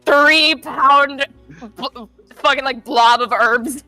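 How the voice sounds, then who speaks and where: A woman's voice: high voice, fairly even intonation, slow pace, pushed and bright, faint music behind. A woman playing in a tabletop game, chatty and giggly, rambling in casual talk. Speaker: player.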